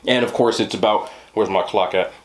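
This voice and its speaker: A man's voice: lowish voice, steady tone, fairly quick. A young man chatting casually to camera as a mukbang vlogger, laid-back and talking between bites with his mouth full. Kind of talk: casual talk to camera while eating.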